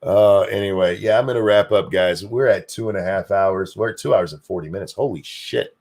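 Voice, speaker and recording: An older man with a deep voice hosts a casual streamed talk show at a brisk clip. Animated and profane, he jokes freely at his own expense.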